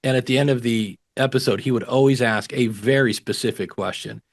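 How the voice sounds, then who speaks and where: A man talks casually as a guest on an interview show, handing out practical advice. He is animated and slips into little voices when he quotes other people. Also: medium pitch, a little fast. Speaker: podcasting guest expert.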